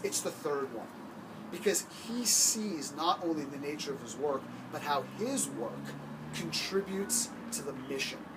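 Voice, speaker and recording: Man, motivational talk, emphatic, slightly high voice, faint hiss. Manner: emphatic, punchy. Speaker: motivational speaker on hiring.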